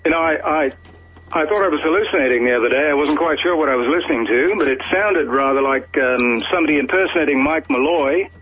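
Halting Australian man calling in. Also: a little high, a little hiss or hum. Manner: hesitant, halting, many fillers. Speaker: caller. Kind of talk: phoned-in radio chat. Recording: lo-fi radio broadcast.

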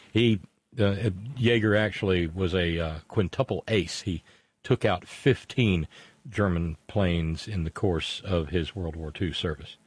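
A man's voice: deep voice, husky, no room sound. A man hosting a live show, rambling through jokes and puns and stumbling over his words as he reads out viewer messages. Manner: rambling, pun-heavy, stumbles and restarts. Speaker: show host.

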